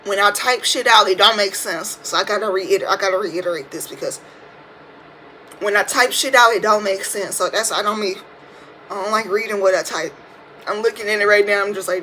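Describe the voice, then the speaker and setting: A woman's voice: mid-range voice, moderate pace, husky, poor audio. A woman in her twenties hosting a podcast, giving a casual, profane, slang-filled rant about a reality TV show. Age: 20s. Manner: animated, profane, ranting with slang. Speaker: podcast host. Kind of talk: casual reality TV commentary monologue. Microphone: phone.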